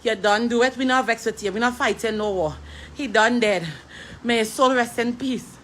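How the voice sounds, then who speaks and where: A woman's voice: on the high side, moderate pace, a little hiss or hum. A grieving woman with a Trinidadian accent, crying and pleading over and over in a distraught street appeal. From Trinidad and Tobago. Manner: pleading, repetitive, breaking between laughter and tears. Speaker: grieving sister.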